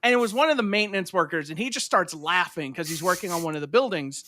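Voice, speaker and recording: Lively, bright-voiced podcast host. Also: male voice, high voice, quick pace, no room sound, clean studio sound. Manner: animated storyteller, acts out voices when retelling. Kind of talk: casual chat.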